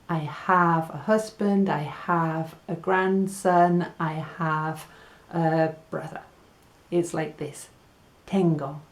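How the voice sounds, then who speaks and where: A woman teaching a casual beginner Spanish lesson, chatty and laughing at her own jokes, slowing down on the Spanish words. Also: lowish voice, a little mellow.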